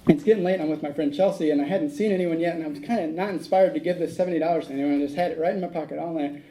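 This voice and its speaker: A man's voice: on the high side, racing, warm tone, rough recording. A man speaking at a recovery meeting, telling a rambling personal story, acting out the dialogue and laughing at his own tale.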